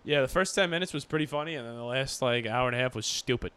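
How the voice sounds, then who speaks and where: A man's voice: medium pitch, quick pace, a bit bright, clear, resonant tone, dry recording. A man co-hosting a podcast in casual chat, joking and profane, sometimes slipping into mock motivational speeches. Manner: joking, profane, swings into mock pep talks. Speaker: podcast co-host.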